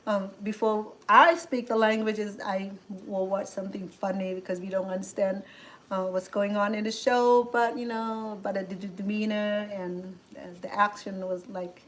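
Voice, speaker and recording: A woman's voice: mid-range voice, fairly even intonation, normal speed, poor audio. A middle-aged woman with a Cambodian accent, chatting casually as a cooking show host, rambling with many restarts and fillers. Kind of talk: casual chat.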